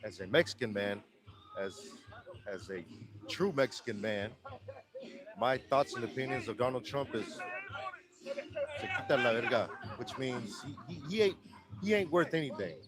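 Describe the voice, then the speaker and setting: A man with a Texan accent giving earnest, halting answers in a street interview, often restarting his words. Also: medium pitch, expressive, low-quality recording.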